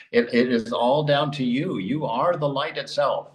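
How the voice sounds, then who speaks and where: A man teaching spiritual commentary, exhorting his listeners forcefully and laughing between points. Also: mid-range voice, slow pace. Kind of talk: spoken religious commentary. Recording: roomy echo.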